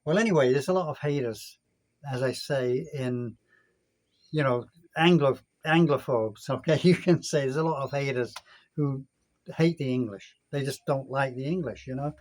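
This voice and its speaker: A man's voice: mid-range voice, moderate pace, a little mellow. A man in his sixties from the United Kingdom, telling a rambling story in a casual vlog rant. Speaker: vlogger.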